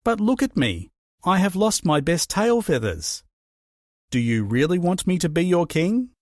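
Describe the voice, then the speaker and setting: A man voicing a tiny, clever male wren in a storybook, cheeky and quietly sly. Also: high voice, sing-song, a little slow, no echo, clean studio sound, pitched above the performer's own voice, full character voice. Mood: modest.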